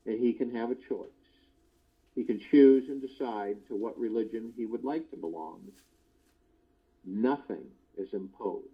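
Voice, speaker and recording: A man giving a spiritual discourse, slow and deliberate, often repeating his key phrases. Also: mid-range voice, highs cut off. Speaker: spiritual teacher.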